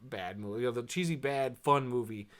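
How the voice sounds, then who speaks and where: A man reviews a movie in a loose, unscripted way. He rambles, drops lots of fillers, and keeps a dry, sarcastic edge. He often sighs or laughs, and his voice sits at a middle pitch. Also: a little fast. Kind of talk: casual spoken review.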